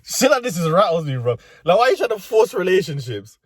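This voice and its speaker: A man's voice: high-pitched, big pitch swings, fast talker, no room sound, studio quality. A young man with a London accent, ranting comedically and profanely in street slang from inside a car. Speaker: vlogger. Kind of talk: comedic rant.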